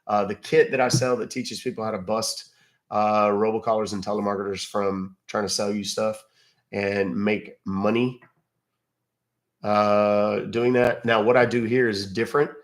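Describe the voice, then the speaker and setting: A man's voice: lowish voice, level tone, moderate pace. A man hosting a casual livestream, rambling conversationally and thanking viewers by name. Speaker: livestream host.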